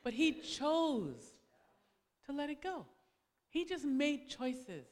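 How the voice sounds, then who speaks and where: A woman telling a personal story in a sermon to a congregation, animated and dramatic as she acts out quoted arguments. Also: slow pace, in a large hall. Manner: animated storytelling, acting out quoted arguments with big pitch swings. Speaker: preacher's wife speaking to a congregation. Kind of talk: sermon-style personal testimony.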